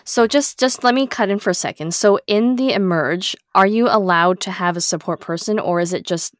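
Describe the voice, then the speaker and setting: A woman's voice: mid-range voice, normal speed, no echo. Woman hosting a podcast, cuts in with questions, sounds disbelieving, dry close mic. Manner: interjecting, reacting with disbelief. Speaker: podcast host. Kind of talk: casual podcast conversation.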